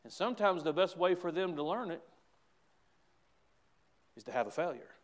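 A middle-aged man with a Southern US accent, preaching a sermon as pastor, swinging from hushed asides to loud, emphatic exclamations. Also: high-pitched, lively intonation, normal speed.

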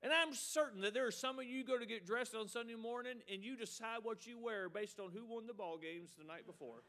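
A man's voice: extremely high pitch, a little fast, sharp tone. A middle-aged male pastor preaching a sermon with emphasis, repeating a refrain and mocking excuses.

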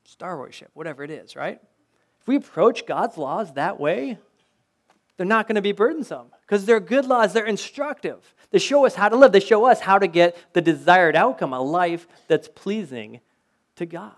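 High-voiced man preaching conversationally. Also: lively intonation, moderate pace. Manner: conversational preaching, anecdotes, rhetorical questions. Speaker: pastor. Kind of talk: sermon.

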